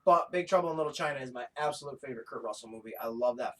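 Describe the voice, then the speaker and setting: A man co-hosting a podcast in casual chat, excitable and profane, often breaking into laughter. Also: mid-range voice, rapid-fire. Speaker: podcast co-host.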